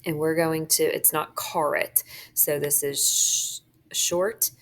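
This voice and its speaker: A woman's voice: deep voice, steady tone, slow pace. A woman teacher walking students through a phonics worksheet, often checking in with "okay?" as she marks words. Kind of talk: phonics lesson walkthrough.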